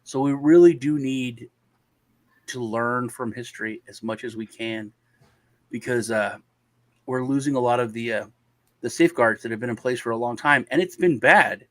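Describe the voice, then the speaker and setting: A man's voice: medium pitch, normal speed, no echo. A man telling a long anecdote on a casual panel show and acting out the other people in it. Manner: animated anecdote-telling, acts out quoted voices. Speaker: panel guest.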